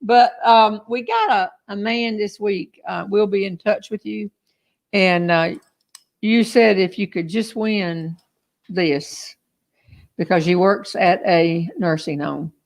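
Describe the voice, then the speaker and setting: A woman's voice: medium pitch, fairly even intonation, takes it slowly. An older woman with a Southern US accent, hosting a casual, teasing, folksy chat on a back porch. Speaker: host.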